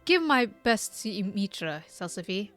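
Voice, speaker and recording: A woman's voice: mid-range voice, very animated, measured pace, fairly bright tone, soft background music. A woman doing a folksy old summoner man. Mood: gruff, fond. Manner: drops into dialect words like 'me' and 'ye'. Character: folksy older male summoner speaking in a rough dialect.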